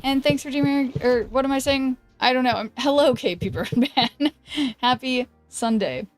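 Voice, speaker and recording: A woman streamer chatting casually while she plays a card game, thinking aloud and greeting viewers, with a voice that is going hoarse. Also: sits high, unhurried, faint music behind. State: losing her voice. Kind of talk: casual gameplay commentary.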